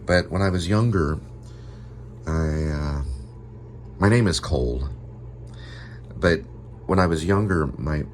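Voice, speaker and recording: A man's voice: rumbling low, slow, pauses often. A man from Texas chatting casually at home for his vlog, rambling with lots of fillers and corny jokes. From Texas, USA. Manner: rambling, many fillers, jokey. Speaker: vlogger. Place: at home indoors. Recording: steady background noise.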